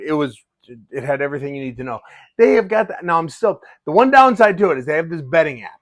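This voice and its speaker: A middle-aged man who fights for a living talks into the camera in a casual vlog, eager and animated, often tripping over his own sentences. His voice sits a little high for a man. The recording is close and dry, with no room sound. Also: dry recording. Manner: excited, animated, restarts often. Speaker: fighter and vlogger.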